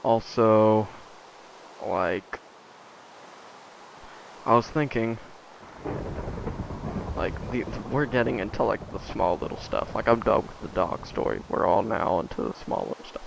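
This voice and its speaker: Rambling teenage boy with a gravelly voice. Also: fairly low pitch, unhurried, long pauses, highs cut off, background noise. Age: teens. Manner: rambling, many fillers, drifts off mid-thought. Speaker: gaming vlogger. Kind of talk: casual chat while playing a game.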